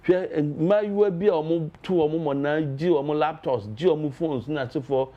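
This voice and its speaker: Animated Ghanaian male party official. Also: a little high, moderate pace, lo-fi sound. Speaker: political party official, guest. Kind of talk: political debate talk.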